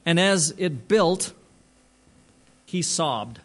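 A man's voice: on the high side, lively intonation, drawn-out words. A man who is a pastor, telling a story in a sermon in a conversational way, often restarting his phrases.

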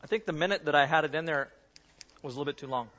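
Male pastor, high-pitched, casual demo-style preaching; muffled recording in a big echoing hall. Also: rapid-fire, fairly bright tone, a little hiss or hum. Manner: conversational, self-deprecating, demonstrates while talking. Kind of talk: sermon with a live object lesson. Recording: dull sound in a reverberant hall.

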